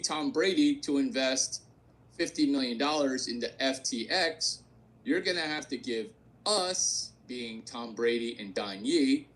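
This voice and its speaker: Brash man ranting with lively pitch. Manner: brash, repetitive, crude joking. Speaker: host. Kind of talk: provocative solo rant.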